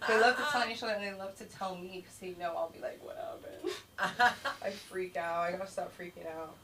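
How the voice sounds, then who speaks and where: Woman, stand-up comic, rambling, animated, voices for kids, heard from across the room, faint hiss. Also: lowish voice, fast talker. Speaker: stand-up comic at an open mic. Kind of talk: stand-up comedy set. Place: small comedy club stage. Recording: distant room mic with faint noise.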